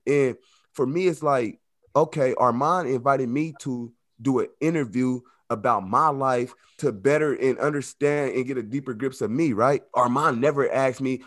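A man's voice: mid-range voice, moderate pace, no room sound, clean studio sound. Candid man speaking plainly about life after prison. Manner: loose, conversational, heavy with "like" and "you know"; slips into lively acted-out quotes. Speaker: formerly incarcerated guest. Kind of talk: casual interview talk.

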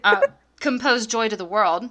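A woman's voice: medium pitch, measured pace, fairly bright tone. A young woman co-hosting a podcast, chatting casually with lots of fillers and laughs. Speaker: podcast co-host. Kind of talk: casual chat.

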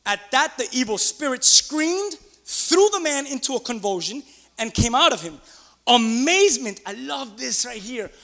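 Pastor guy preaching, high bright voice, jumps from loud bursts to quiet asides. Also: moderate pace, vocal fry, long reverb tail. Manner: excitable, swings between loud outbursts and quiet asides. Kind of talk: sermon. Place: church.

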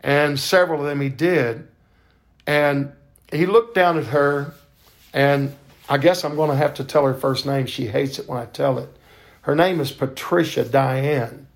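An older man tells a faith testimony on his podcast, fervent and preacher-like, leaning on drawn-out words. His voice sits a little high and has a gravelly edge. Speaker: podcast host.

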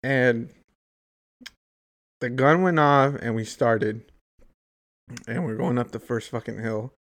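Taking it slowly, a young man with a mid-range voice and fairly even intonation rambles through a long story in casual conversation. His talk is profane and heavy with "like" and "dude."

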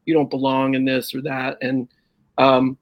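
A middle-aged man, a stand-up comedian, telling animated, salty road stories in casual conversation. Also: medium pitch, a little slow, dull audio. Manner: animated anecdote with profanity and quoted voices. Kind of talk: casual storytelling on a podcast.

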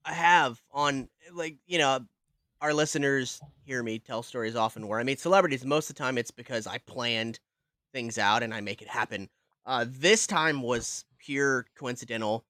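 A man's voice: mid-range voice, moderate pace, sharp tone, no room sound, clean studio sound. A man co-hosting a horror podcast, telling a celebrity anecdote in casual, swearing chat. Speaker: podcast host.

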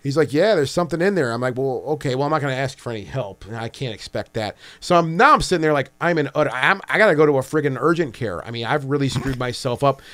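A man's voice: medium pitch, expressive, fast talker, few pauses, a bit bright. A man on a podcast, telling a funny story in casual chat, acting out the dialogue and swearing freely.

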